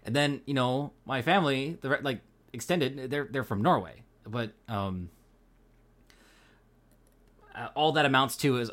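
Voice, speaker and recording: A man's voice: medium pitch, unhurried, long pauses, fairly bright tone. A man with a Pacific Northwest American accent, co-hosting a podcast in easygoing casual chat, swearing now and then and using lots of fillers. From Pacific Northwest, USA. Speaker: podcast co-host.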